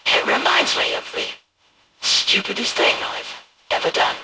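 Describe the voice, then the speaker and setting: A man voicing a hulking animatronic storyteller, rambling through a comic anecdote in a deep, gravelly voice. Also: unhurried, lightly acted. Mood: rueful. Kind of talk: fan voice acting of a poem. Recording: loud hiss and noise.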